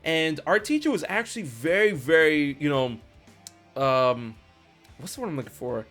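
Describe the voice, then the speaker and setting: A man's voice: a little high, expressive, a little slow, fairly bright tone, faint music behind. A man hosting a live stream, chatting casually and rambling, restarting sentences often and swearing freely. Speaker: show host. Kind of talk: casual chat. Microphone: streaming mic.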